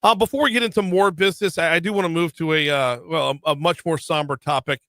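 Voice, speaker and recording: Man, radio talk host, fairly high voice, dry close studio sound. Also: fast, no echo. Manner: energetic, chatty, repeats words at the start of sentences. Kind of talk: radio interview.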